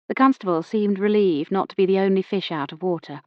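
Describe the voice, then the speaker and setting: A woman narrating a mystery novel in the first person, in a measured, reflective way. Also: medium pitch, no room sound, lo-fi sound. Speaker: audiobook narrator.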